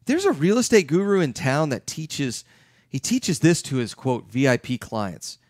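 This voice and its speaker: A middle-aged man giving an emphatic, lively talk as a real estate investment educator. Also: fairly high pitch, measured pace, no room sound, studio quality. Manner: emphatic, acts out his clients' questions.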